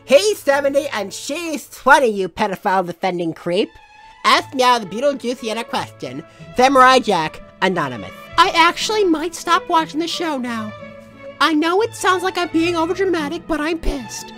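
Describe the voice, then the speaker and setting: A woman's voice: high voice, big pitch swings, moderate pace, faint music behind. A woman doing dramatic comedic readings of online posts with exaggerated outrage. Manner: exaggerated, outraged, shifting loudness. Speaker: comedy reader.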